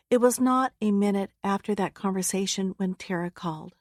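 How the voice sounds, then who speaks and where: Woman, audiobook narrator, solemn, earnest, medium pitch, dry close mic. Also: fairly quick, hardly any pauses, dry recording. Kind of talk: first-person memoir narration. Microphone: close studio mic. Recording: dry close studio sound.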